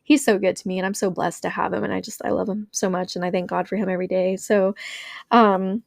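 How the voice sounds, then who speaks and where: A woman's voice: medium pitch, flat delivery, fast talker, vocal fry, no room sound, studio quality. Young woman podcast host, bubbly casual storyteller, mid-range voice, chatty delivery. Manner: bubbly, chatty, leans on filler "like", addresses listeners as y'all.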